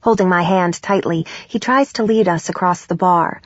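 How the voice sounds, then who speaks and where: Woman, audiobook narrator, steady storytelling, dry close sound, slightly dull. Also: on the low side, moderate pace, dry recording. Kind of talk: first-person audiobook narration. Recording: dull, dry studio recording.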